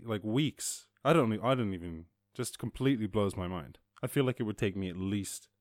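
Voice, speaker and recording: A man's voice: lowish voice, no echo, clean studio sound. Joking, rambling man. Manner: rambling, joking, swears, laughs often. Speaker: podcast host. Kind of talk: casual news commentary.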